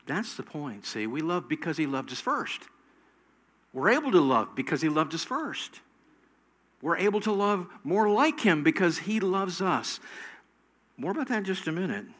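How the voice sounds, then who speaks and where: A middle-aged male pastor preaching a sermon slowly and emphatically, his voice swelling louder at high points. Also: very animated.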